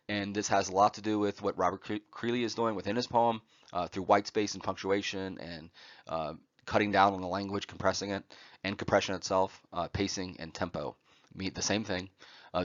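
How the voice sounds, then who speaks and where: Male lecturer, low-ish voice, many "uh"s and "right?" checks, dry dull recording. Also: no echo. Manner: frequent "uh" fillers and tag "right?". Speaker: college lecturer.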